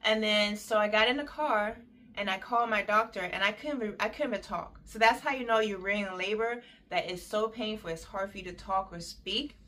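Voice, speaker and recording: A young woman casually telling a personal story, chatty and detailed, switching into animated quoted voices with big jumps in pitch. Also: brisk.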